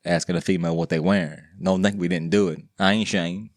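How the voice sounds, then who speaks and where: Low-voiced guy rambling solo on his podcast, jokey and slangy, dry close sound. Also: steady tone, quick pace, no echo. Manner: rambling, slangy and joking, with many restarts. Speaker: podcast host. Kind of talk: casual solo podcast monologue.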